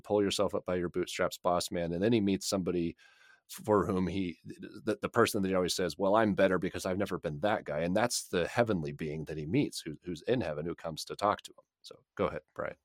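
A man's voice: low-pitched, fairly quick, no room sound, clean studio sound. A man co-hosting a podcast and chatting casually about a book, rambling and repeating words as he thinks. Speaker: podcast co-host.

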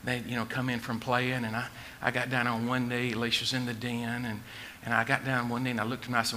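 A middle-aged man preaching a sermon in a folksy, joking way, dropping to a hush and rising to a shout. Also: medium pitch, fairly even intonation, quick pace, slight background noise. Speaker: pastor.

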